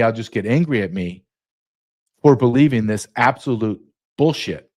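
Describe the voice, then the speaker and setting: A man's voice: medium pitch, normal speed, a little mellow. A male podcast host delivering a sarcastic solo monologue, full of mocking asides.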